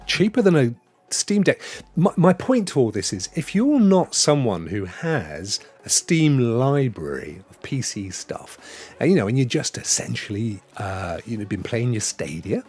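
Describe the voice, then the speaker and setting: A middle-aged British man chatting casually as a live stream host, excitable and reading viewer comments aloud. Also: medium pitch, measured pace, slightly rough. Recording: faint background music.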